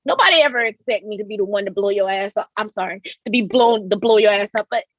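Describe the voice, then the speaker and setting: A woman with a high, girlish voice, animatedly telling a personal story as a talk show guest and acting out what people said. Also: fast talker, no room sound, muffled recording. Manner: animated, acts out quotes in voices. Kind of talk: candid storytelling.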